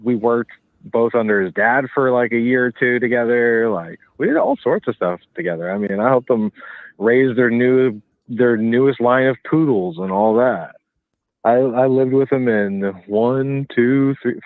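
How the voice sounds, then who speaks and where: A man's voice: mid-range voice, no room sound. Rambling man on a tinny phone line. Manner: rambling, loose, with filler words. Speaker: caller being interviewed. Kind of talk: phone interview.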